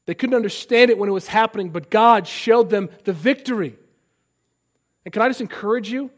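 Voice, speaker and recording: A man in his thirties preaching a sermon. He swings between loud, impassioned lines and soft, conversational asides. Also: high voice, fairly quick. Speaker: pastor.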